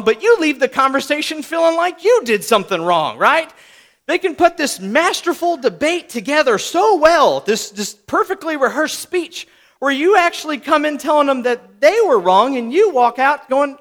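Man, very high voice, lively swings in pitch, preaching a sermon, conversational, acts out quick voices. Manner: conversational, acts out little voices, frequent "right?".

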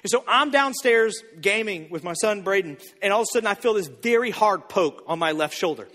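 High-voiced preacher in a reverberant hall. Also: male voice, expressive, a little fast. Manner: conversational storytelling, repeats phrases, softens to a hush. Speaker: pastor. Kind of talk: sermon. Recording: long reverb of a large hall.

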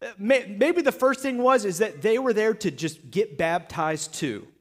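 Animated, high-voiced male preacher. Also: unhurried. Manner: animated, jokey storytelling with acted asides. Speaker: pastor. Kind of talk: sermon.

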